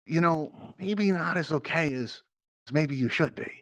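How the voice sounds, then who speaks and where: A man's voice: on the high side, moderate pace, a bit bright, no room sound. A man hosting a live virtual reality game show, bantering playfully and teasing his contestants.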